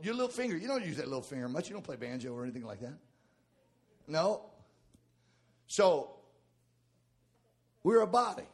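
A pastor delivers a sermon from the pulpit. His voice sits a little high for a man. He drops to near-whispers and then surges into ringing shouts. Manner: swings from hushed to shouting.

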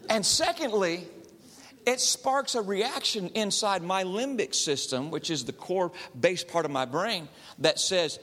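At a measured pace, a male counselor with a high-pitched voice shares stories with a live audience, animatedly acting out the people involved. His speech carries a long reverb tail.

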